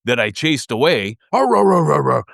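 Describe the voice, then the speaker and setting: A man voicing a smug male house dog who thinks he guards the home, with low, lively speech. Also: moderate pace, dry recording, studio quality. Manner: self-satisfied, barking.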